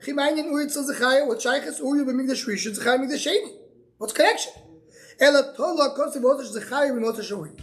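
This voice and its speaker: A man with a notably high voice leads a Talmud class as a rabbi. He quotes each line of the text and then explains it in conversational English. His delivery halts often, repeating a word or two before the thought comes out. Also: fairly bright tone. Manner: halting, repeats words while searching for phrasing.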